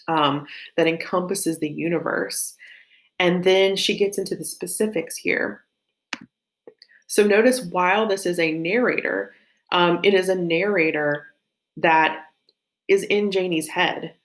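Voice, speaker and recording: A woman with a light Southern US accent, teaching a literature lesson in a chatty, think-aloud way with frequent fillers and self-corrections. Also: fairly low pitch. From Southern United States. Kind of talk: recorded classroom lesson.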